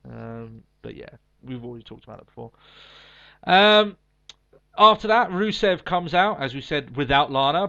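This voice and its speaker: A man's voice: mid-range voice, a bit bright. A man co-hosting a wrestling podcast, talking in a blunt, opinionated way and swearing freely. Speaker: podcast co-host. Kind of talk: casual wrestling chat. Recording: slightly dull lo-fi sound.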